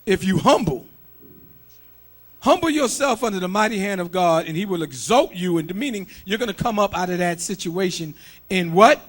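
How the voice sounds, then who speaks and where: A male preacher with a high, widely swinging voice delivers a sermon. He is emphatic and breaks into shouts, throws rhetorical questions at the congregation and calls for readings and responses. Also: animated, moderate pace.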